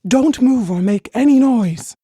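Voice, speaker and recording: A narrator voicing a tall ogre's wife in a storybook reading for learners, hushed and urgent. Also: mid-range voice, expressive, measured pace, breathy edge, dry recording, clean studio sound, voice pushed up. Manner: hushed and urgent, with a mocking laugh. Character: big, tall ogre's wife, sly but kind.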